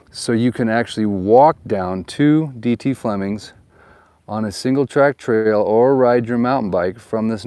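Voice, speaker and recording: A middle-aged real estate agent chats as he films from a hillside, playful and quick to laugh at himself. His voice sits low, and the sound is dry and close to the camera mic. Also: a little mellow, no room sound. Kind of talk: casual outdoor vlog. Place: outdoors at a hillside lot.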